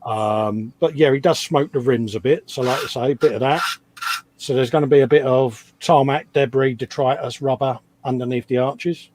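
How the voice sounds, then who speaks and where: A man's voice: medium pitch, steady tone, moderate pace, a little mellow, a little hiss or hum. A middle-aged man, co-hosting a live stream in blokey, joking chat, often calling his friend mate. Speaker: co-host.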